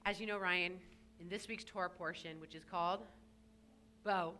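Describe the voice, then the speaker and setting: A woman's voice: on the low side, fairly even intonation, moderate pace, pushed and bright, a little hiss or hum. A woman rabbi giving a sermon to a young congregant in a synagogue, telling stories with playful asides. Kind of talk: sermon addressed to a bar mitzvah child. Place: synagogue sanctuary.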